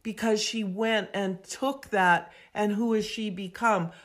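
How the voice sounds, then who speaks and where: A woman guest on a podcast, telling an animated, emphatic story and acting out voices as she goes. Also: medium pitch, takes it slowly. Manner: acts out quoted voices, expressive and emphatic.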